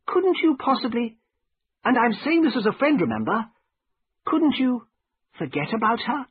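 A cheerful, earnest young man, as a husky-voiced man puts him on, speaks in a raised, lively voice that pleads gently. The sound is breathy, dry and narrow, like a phone line. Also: a little high, moderate pace, dry recording, pitched above the performer's own voice, exaggerated voice. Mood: earnest pleading.

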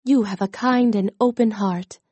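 A woman reading aloud, voicing a gracious and kindly female fairy queen in a gentle, regal storybook manner. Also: medium pitch, steady tone, normal speed, no echo, close to an everyday voice.

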